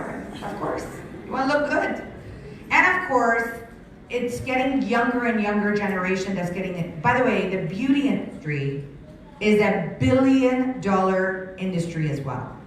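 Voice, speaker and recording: A woman in her sixties, giving an energetic business pitch to a live audience on a handheld mic, her voice strained from shouting. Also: recorded from a distance, a little hiss or hum. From Canada. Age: 60s. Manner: energetic, rapid questions to the crowd. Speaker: sales presenter. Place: large room with an audience. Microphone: handheld microphone. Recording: very echoey hall, mic from afar.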